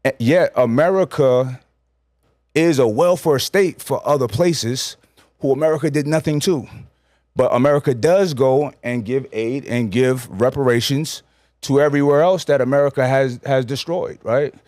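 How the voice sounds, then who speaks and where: A man from New York speaks as a podcast guest, blunt and emphatic. He sets out his points slowly and deliberately and doesn't hold back on swearing. His mid-pitched voice is recorded dry and close. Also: a little mellow, no echo. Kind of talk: casual podcast chat.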